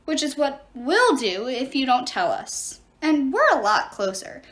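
A woman's voice: high-pitched, big pitch swings, unhurried, a bit bright, heavily acted. Blunt teen swordsman, threatening, woman reader voicing, storybook. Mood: stern. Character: steady teenage boy demigod swordsman.

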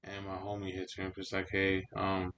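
A man's voice: low voice, monotone, quick pace, fairly bright tone, slight background noise. A young man hosting a podcast, telling laid-back stories in casual chat with heavy swearing and slang. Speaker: podcast host.

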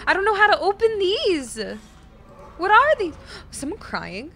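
A young woman streaming a horror game, talking to her chat with excitable, jumpy reactions and swearing when startled. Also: high voice, slow pace, slight background noise. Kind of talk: live gameplay commentary. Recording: game music behind voice.

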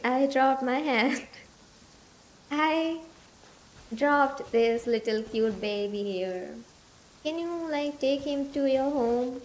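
High, slow-talking bubbly streamer woman. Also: a little hiss or hum. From India. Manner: bubbly, rambling, chats with viewers. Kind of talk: casual livestream chat. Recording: music playing behind.

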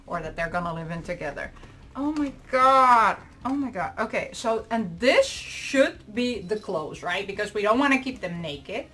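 A woman's voice: mid-range voice, animated, moderate pace, pushed and bright. A woman vlogger unboxing and reviewing dolls in casual chat, gushing, squealing and giggling over every item.

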